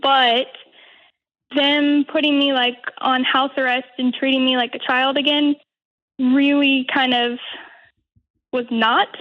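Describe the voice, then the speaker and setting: A woman's voice: high-pitched, level tone, slow, long pauses, narrow, tinny audio. A young woman in her twenties calling into a show, speaking hesitantly with many fillers. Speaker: caller. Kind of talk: phone-in call.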